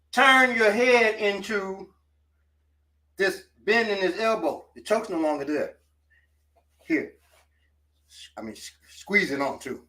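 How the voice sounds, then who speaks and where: A man's voice: sits high, fairly bright tone, distant mic. A man teaching self-defense, talking casually and coaching while he demonstrates moves.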